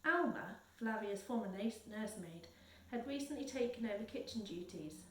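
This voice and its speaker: A woman's voice: a little high, normal speed. Woman reading a story aloud, roomy sound. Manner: steady and careful, with small slips she corrects. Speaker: reader. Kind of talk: reading a children's novel aloud. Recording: roomy, a little distant from the mic.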